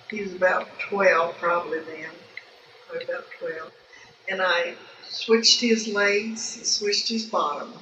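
An older woman recalling her family life in an oral history interview, rambling and folksy, with many restarts. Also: on the low side. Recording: distant, echoey, dull and noisy home recording.

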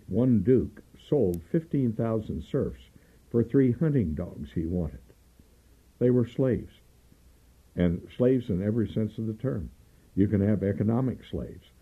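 An older man, a trial lawyer, telling long stories in an interview and often clearing his throat. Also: on the low side. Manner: rambling storyteller, frequent throat clearing. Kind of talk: oral history interview, storytelling. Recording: dull lo-fi tape, faint music.

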